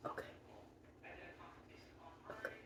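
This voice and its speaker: A woman's voice: slow, noisy background. A woman chatting casually through a makeup tutorial, rambling and joking to herself. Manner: rambling, talks to herself, jokey. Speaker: beauty vlogger.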